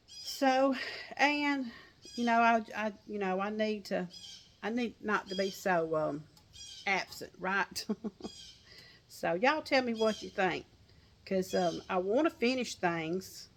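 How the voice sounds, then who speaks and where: A woman's voice: mid-range voice, fairly bright tone, slight background noise. An older woman with a Southern accent, chatting folksily to her viewers outdoors on a porch and laughing often. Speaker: crochet vlogger. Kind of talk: casual chat to viewers.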